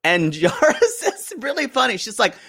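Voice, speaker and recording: A man's voice: high voice, sing-song, normal speed, vocal fry, bright, forceful tone, husky, dry recording, clean studio sound. A man co-hosting a podcast, chatting playfully and gossipily while recapping a reality show. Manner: playful, gossipy, laughs often. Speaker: podcast co-host. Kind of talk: casual chat recapping a TV show.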